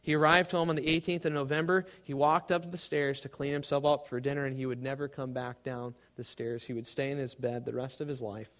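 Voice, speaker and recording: A man preaching a sermon to a live congregation, swinging between loud emphasis and hushed, quiet tones. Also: mid-range voice, little pitch movement, a little fast, hardly any pauses.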